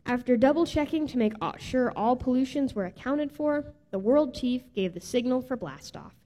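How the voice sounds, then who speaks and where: A woman reading a children's storybook aloud in an expressive, lilting way. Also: high voice, moderate pace. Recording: reverberant hall.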